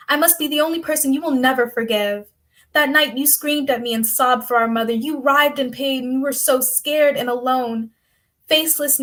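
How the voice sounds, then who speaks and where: A woman reciting spoken-word poetry with intense, dramatic delivery. Her voice sits a little on the high side for a woman, and each line lands with deliberate weight. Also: fairly bright tone. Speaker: poet competitor.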